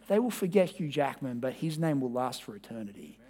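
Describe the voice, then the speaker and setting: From the pulpit, a pastor with a high, husky voice talks to his congregation in a direct, conversational manner, hammering some points and softening almost to a whisper on others. His pitch swings widely, his pace is moderate, and he barely pauses.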